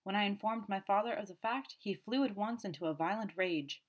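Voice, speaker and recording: Brief: haughty quick-tempered young man, sullen under questioning, read by a woman narrator. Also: high-pitched, lightly acted. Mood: admitting. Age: young adult.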